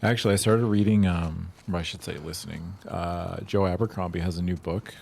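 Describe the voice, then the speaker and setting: A man's voice: low voice, steady tone, a little fast, a little mellow, a little hiss or hum. A man co-hosting a game stream, talking loosely and laid-back with casual swearing. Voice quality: gravelly and husky. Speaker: streamer co-host. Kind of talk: casual gaming chat.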